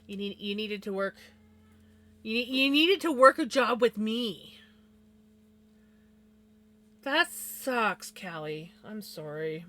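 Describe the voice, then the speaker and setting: A woman's voice: medium pitch, expressive, slow pace, long pauses, pushed and bright. A woman live streamer telling a personal story to her viewers in casual chat. She talks bluntly and swears freely. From Canada.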